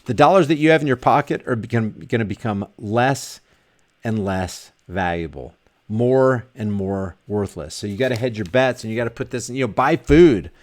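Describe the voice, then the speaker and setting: A man's voice: mid-range voice, expressive, moderate pace. A man vlogging casually, reading viewer comments aloud and rambling with frequent restarts and repeated words. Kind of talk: casual live chat.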